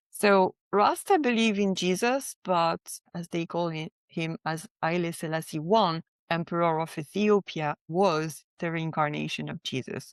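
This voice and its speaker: A woman's voice: lowish voice, clean tone, no room sound. Chatty woman, dry close mic. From France. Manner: chatty, lots of "like" and "right?". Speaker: podcast guest. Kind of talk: casual personal testimony.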